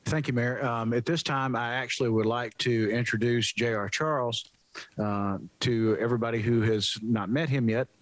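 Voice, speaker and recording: A man's voice: mid-range voice, fairly even intonation, moderate pace, dry recording. A man on a city council giving polite, friendly remarks and motions at a meeting.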